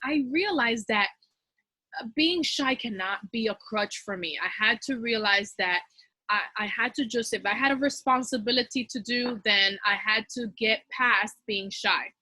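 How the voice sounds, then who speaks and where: A woman teacher talks quickly and casually, passing advice along to other teachers. Her voice is bright and sits a little high, and the sound is close and dry. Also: dry recording. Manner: fast-talking, chatty, with frequent fillers. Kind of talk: casual talk giving advice to fellow teachers.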